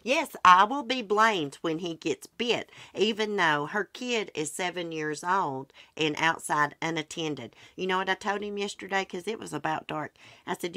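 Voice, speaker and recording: Low-voiced, folksy woman. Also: measured pace, fairly bright tone, no room sound, clean studio sound. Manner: chatty, folksy storytelling. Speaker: channel host. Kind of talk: casual chat.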